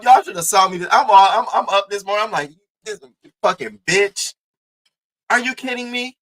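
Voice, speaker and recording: Guy doing news reaction, cussing a lot, fairly high voice, bright and punchy. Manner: animated, profane, talks straight to viewers. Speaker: news commentary host. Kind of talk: casual reaction commentary.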